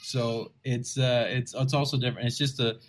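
A young man from South Texas with a Texan accent, co-hosting a casual podcast and telling lively stories with frequent laughs and restarts. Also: medium pitch, moderate pace. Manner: animated storyteller, laughs often, many restarts. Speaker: podcast co-host.

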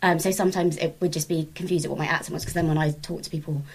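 Woman, from England, low voice, breathy, hesitant, podcast guest. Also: fairly even intonation. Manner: hesitant, halting, full of fillers. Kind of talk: casual conversation.

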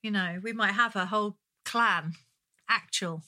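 A woman co-hosting a podcast, chatting casually and giggling often in quick bursts. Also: mid-range voice, sharp tone. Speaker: podcast co-host. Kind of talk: casual chat.

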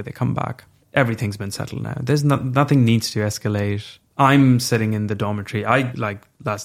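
A man's voice: on the low side, vocal fry. A young man telling a personal story as a podcast guest, frank and reflective, swearing casually.

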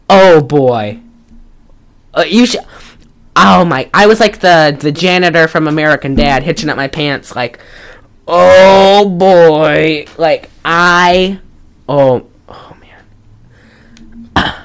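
A woman's voice: sits low, a little slow, pauses often. A woman co-hosting a podcast in casual chat, blunt and exasperated, rambling with many restarts. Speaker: podcast co-host.

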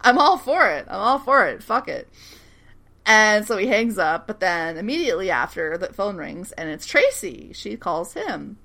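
A woman's voice: mid-range voice, sing-song, moderate pace, gravelly, sharp tone. A young woman co-hosting a casual recap podcast, laughing often and acting out characters' lines as she retells scenes. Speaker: podcast co-host recapping a TV series. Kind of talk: casual chat.

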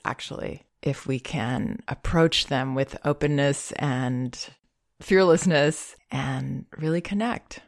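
A woman calmly giving parenting advice, gentle and reassuring, with soft laughs. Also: rumbling low. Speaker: parenting advisor. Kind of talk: advice talk.

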